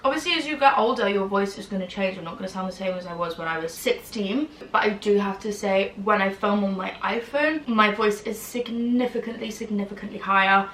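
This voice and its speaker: A woman's voice: mid-range voice, a little fast, hardly any pauses, a bit bright, echoey room, far from the mic, slight background noise, low-quality recording. A woman in her early twenties chatting casually in a vlog, rambling with lots of asides and fillers. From England. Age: early 20s. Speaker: vlogger.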